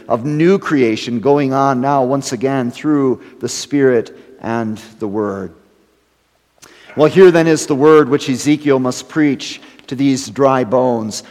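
A man preaching a sermon as pastor, measured, letting phrases fall away and then rising loud for emphasis. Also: mid-range voice. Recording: long hall reverb.

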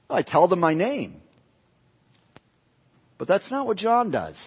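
Husky preacher in an echoing hall. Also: male voice, high-pitched, very animated, slow pace, pauses often. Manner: emphatic, repeats phrases for stress. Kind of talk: expository sermon. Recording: dull lo-fi sound with long hall reverb.

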